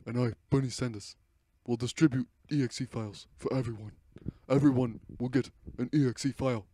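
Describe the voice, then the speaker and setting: A teenage man putting on the voice of a gruff older male politician giving a stump speech. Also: mid-range voice, steady tone, fairly quick, mellow, slight background noise, pitched above the performer's own voice, natural voice. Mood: preachy.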